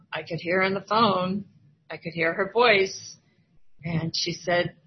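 A woman's voice: deep voice, slight background noise. Older woman telling her recovery story. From Iowa, US. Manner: candid storytelling, acting out quoted voices. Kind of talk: personal testimony at a recovery meeting. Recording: dull lo-fi recording, faint ambience.

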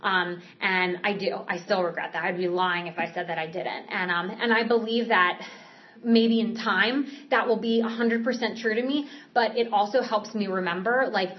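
A woman's voice: mid-range voice, steady tone, moderate pace. A woman giving a candid personal recovery testimony, speaking earnestly with frequent fillers and restarts. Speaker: speaker sharing a recovery story. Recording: slightly dull, muffled recording.

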